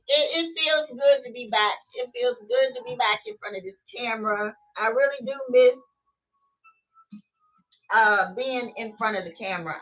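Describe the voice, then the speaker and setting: At home, a middle-aged woman vlogger chats casually to her camera about spiritual matters in a folksy, talkative way, laughing often and calling her viewers y'all. Her voice sits on the high side and is a bit bright. The lo-fi recording uses a distant mic in a room with a TV and music going, so faint music plays behind her.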